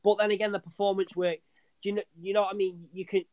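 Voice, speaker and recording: Young man, slightly high voice, dry close sound, rambling, sweary football chat. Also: flat delivery, fast talker, darkish tone, dry recording. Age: young adult. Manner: rambling, sweary, restarts often, says "mate".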